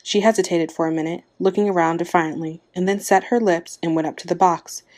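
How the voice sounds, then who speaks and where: A woman's voice: lowish voice, fairly even intonation, a little fast, darkish tone. A woman narrating a short story, reading aloud and giving the characters' lines small shifts of voice.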